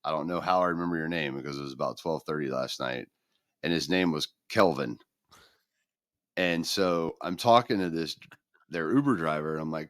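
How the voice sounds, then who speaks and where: On a podcast he co-hosts, a middle-aged man with a bass voice chats casually, vividly acting out the characters in his stories. The studio sound is clean, without echo.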